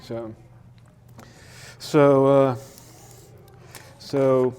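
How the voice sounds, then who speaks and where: A man leads a poetry workshop in a library room, speaking at an unhurried, slow pace. He hesitates and restarts often, with plenty of fillers, and reads verse aloud carefully, leaning on each stressed syllable. His voice sits at an ordinary, middle pitch. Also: flat delivery, a little mellow, clear, resonant tone. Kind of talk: classroom teaching and reading poems aloud.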